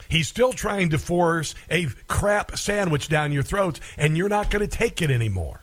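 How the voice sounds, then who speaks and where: A man's voice: a little high, lively intonation, normal speed, hardly any pauses. A man hosting a talk radio show, giving sarcastic and combative commentary.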